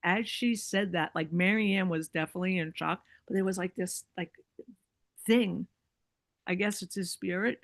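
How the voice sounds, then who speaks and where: A woman with a lowish voice, speaking at normal speed with no room sound, is a guest on a podcast telling a long personal story. She's chatty, packing in likes and you-knows and acting out what people said in their voices. It's casual storytelling chat.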